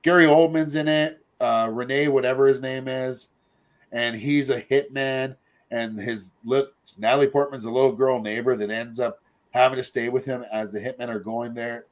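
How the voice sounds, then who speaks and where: A man's voice: mid-range voice, steady tone, normal speed. A middle-aged man, hosting a show in casual, rambling chat full of fillers and asides. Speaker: podcast host.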